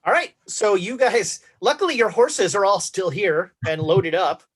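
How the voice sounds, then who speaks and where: A woman's voice: medium pitch, unhurried, slightly rough. A woman narrating as game master in a casual tabletop game, laughing often as she talks. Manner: laughs often, relaxed and conversational.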